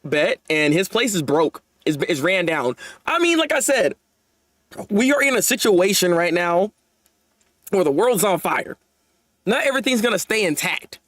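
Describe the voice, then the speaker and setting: A young man hosting a live manga chapter reaction, animated and laughing often as he talks to his viewers. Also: high voice, normal speed, dry recording, studio quality.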